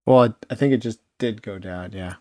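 A man's voice: on the low side, brisk, dark tone, dry recording. A man co-hosting a podcast in casual chat, giving short, laid-back answers. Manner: brief, laid-back replies. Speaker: podcast co-host.

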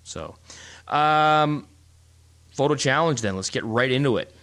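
A middle-aged man co-hosting a casual chat, telling stories in a rambling, animated way with many restarts. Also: mid-range voice, unhurried. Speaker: podcast co-host.

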